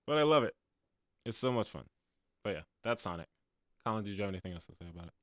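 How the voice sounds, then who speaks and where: Laughing, animated young man reviewing movies. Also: lowish voice, fast, dry recording, clean studio sound. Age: late 20s. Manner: animated, laughs often, acts out quotes. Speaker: podcast co-host. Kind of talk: casual movie review chat. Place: podcast studio.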